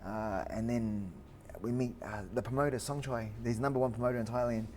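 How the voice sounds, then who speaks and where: A man in his forties from Australia, a fighter telling stories as a guest, lively with lots of fillers and restarts. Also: mid-range voice, a little fast, few pauses, slight background noise. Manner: animated storyteller with frequent fillers and restarts. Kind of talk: storytelling in an interview.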